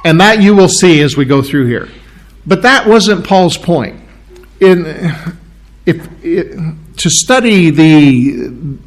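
Middle-aged male pastor, slightly higher voice, teaching sermon with restarts and throat-clearing. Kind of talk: expository sermon.

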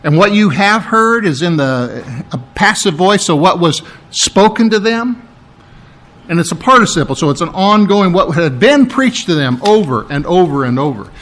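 A man's voice: high-pitched, expressive, moderate pace, fairly bright tone. A middle-aged man, a pastor preaching a sermon in a conversational, explaining manner, often repeating his words.

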